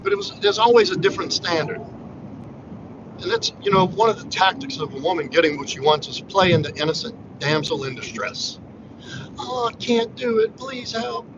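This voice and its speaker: A man with a highish voice hosts a casual livestream monologue, talking briskly in a blunt, profane, preachy way. The lo-fi audio is muffled and has background noise.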